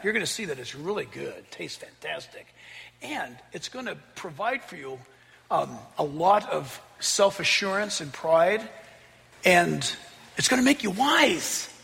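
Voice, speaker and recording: A preacher putting on a sly, coaxing serpent. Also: male voice, high-pitched, very animated, moderate pace, creaky, in a large hall, heavily acted. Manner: coaxing, slangy, softly persuasive. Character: sly tempting male serpent, smooth-talking and casual.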